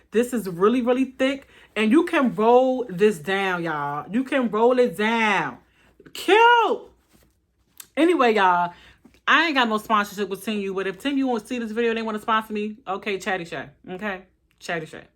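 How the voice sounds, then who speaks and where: A woman hosting a casual fashion haul vlog, animated and talking straight to her viewers, tired and a bit out of breath. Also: mid-range voice.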